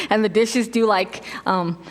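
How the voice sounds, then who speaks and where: Animated woman preaching in a reverberant church. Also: a little high. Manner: animated storytelling, acts out quotes with laughs. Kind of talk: casual sermon. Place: church sanctuary. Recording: long hall reverb.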